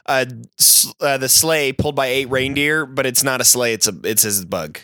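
A man's voice: medium pitch, normal speed, bright, forceful tone, clean tone, no room sound. A man on a comedy podcast, adding quips while recapping a movie. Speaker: podcast panelist. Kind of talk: casual movie-review banter.

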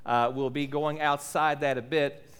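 A man preaching a Sunday sermon from a church pulpit mic, friendly and questioning, with emphatic pauses. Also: fairly high pitch, fairly even intonation, fairly bright tone, clear, resonant tone. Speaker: pastor. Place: church sanctuary. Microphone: lowered stand or pulpit microphone.

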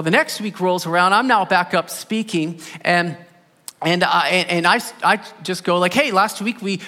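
A male pastor delivers a sermon in a chatty, storytelling way, pushing harder on his key points. His voice sits high and sounds bright. The sound carries a long echo from the church hall around him. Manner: conversational storytelling preaching, rising with emphasis.

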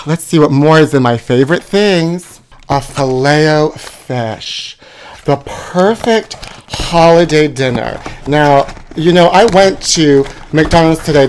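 A man's voice: on the high side, darkish tone, a little hiss or hum. A man hosting a podcast, delivering a campy comedic monologue and calling his listeners "my trashy". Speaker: podcast host.

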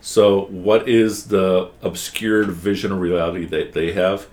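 A man's voice: sits low, flat delivery, unhurried, a little mellow. A man teaching a one-on-one class, explaining patiently and asking guiding questions.

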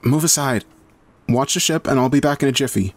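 A man voicing a calm, capable woman who speaks firmly and matter-of-factly. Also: medium pitch, fairly quick, no room sound, voice pushed up, natural voice.

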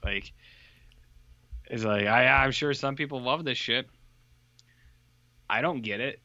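A male podcast co-host chatting casually, telling stories in a rambling, deadpan way. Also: mid-range voice, slow pace, dry recording, lo-fi sound. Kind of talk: casual chat.

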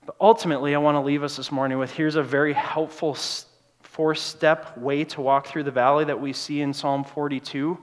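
A pastor preaching a sermon in a church, moving between loud, urgent passages and quiet, hushed ones. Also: male voice, fairly high pitch, little pitch movement, fairly quick. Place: church sanctuary. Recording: long church reverb.

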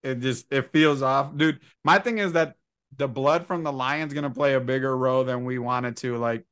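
A man in casual podcast chat with a smooth, resonant voice. He is relaxed and laughs easily while he retells conversations. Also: medium pitch, moderate pace. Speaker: podcast co-host.

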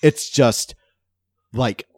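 A man's voice: extremely slow, no room sound, studio quality. A man co-hosting a podcast in casual chat, rambling through fillers with wry jokes. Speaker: podcast co-host.

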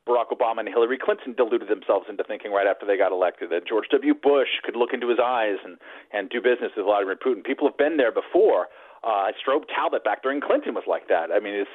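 A man's voice: mid-range voice, no room sound. A man speaking as a guest in casual political radio chat, wry and digressive with many fillers. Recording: dry, phone-like narrow line.

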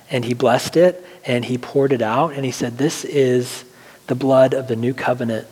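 Pastor preaching in a reverberant hall. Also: male voice, medium pitch, darkish tone, husky. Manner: earnest, slowing to stress key phrases. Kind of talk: sermon. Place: church sanctuary. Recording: long reverb of a large hall, faint music.

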